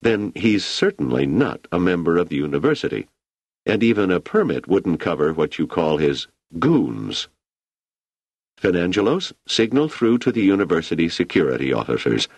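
A man's voice: deep voice, very animated, moderate pace, husky, no echo, full character voice. A man voicing a firm, authoritative middle-aged male professor in a storybook reading, formal and precise. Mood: commanding.

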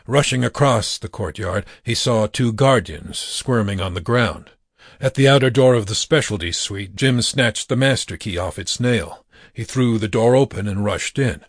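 Low gravelly guy reading a story slow, husky, dry close sound. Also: dry recording. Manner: slow, measured reading with acted dialogue. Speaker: narrator. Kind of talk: audiobook narration.

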